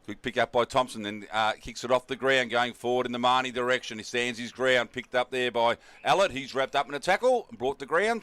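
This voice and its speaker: A man's voice: mid-range voice, a little fast, hardly any pauses, a bit bright, clean tone, dry recording. An Australian man calling a local football match, chatty and laid-back, with fillers and asides to his co-commentators. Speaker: play-by-play commentator.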